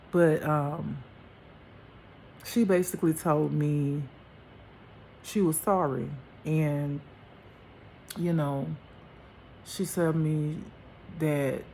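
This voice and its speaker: A woman's voice: sits low, warm tone, a little hiss or hum. A woman giving a casual spiritual monologue as a life teacher, emphatic and chatty, laughing often and calling her listeners honey and baby. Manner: uses endearments like honey and baby.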